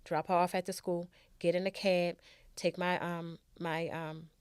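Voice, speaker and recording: A woman's voice: fairly low pitch, little pitch movement, measured pace, darkish tone, clean tone, no room sound. A middle-aged woman, a show's guest, candidly telling her own life story in a heartfelt way.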